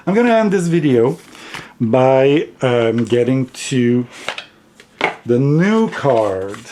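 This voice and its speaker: A man speaks English in a non-native accent, taking his time in an unhurried, halting way. His tone is gentle and reflective as he chats to camera in a casual vlog, with soft laughs along the way. His voice sits at an ordinary middle pitch. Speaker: card deck vlogger.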